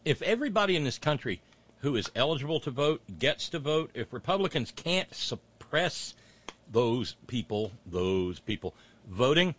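Sarcastic man with lively pitch. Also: moderate pace. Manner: mocking, mumbling asides, rising rants. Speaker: political commentary host. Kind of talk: sarcastic commentary on clips.

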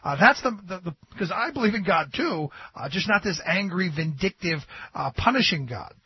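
A man's voice: high-pitched, animated, normal speed, breathy edge. A man hosting a radio interview, talking in a conversational, agreeable way with casual asides. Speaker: radio host. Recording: dull, dry lo-fi radio sound.

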